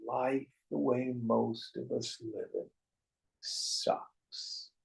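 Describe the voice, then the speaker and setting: A man's voice: medium pitch, level tone, slow pace, gravelly, a little mellow, low-quality recording. A man teaching a class on spiritual verses, telling stories in a wry, joking way.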